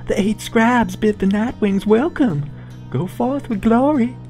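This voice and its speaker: A man voicing a cold, formal female gate guardian who speaks slowly and stiffly. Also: sits high, darkish tone, faint music behind, voice pushed up.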